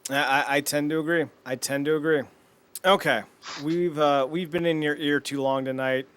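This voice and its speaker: A man co-hosting a podcast, excitable and mocking in casual chat. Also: a little high, smooth. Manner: excitable, mocking, quick to laugh. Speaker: podcast co-host.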